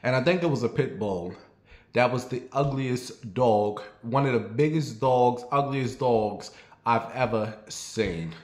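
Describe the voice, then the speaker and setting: A man tells a rambling story straight to his viewers. He is blunt and swears freely, his voice sits at a middling pitch, and the room around him rings with echo. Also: unhurried. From New York. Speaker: vlogger. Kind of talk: casual storytelling monologue. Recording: roomy echo.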